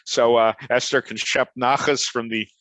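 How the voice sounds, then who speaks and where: A man's voice: mid-range voice, steady tone, moderate pace, a bit bright, dry recording, poor audio. Older Chicago man lecturing conversationally. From Chicago, USA. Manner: conversational, anecdotal and digressive. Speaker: professor giving a lecture. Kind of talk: online lecture. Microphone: video call.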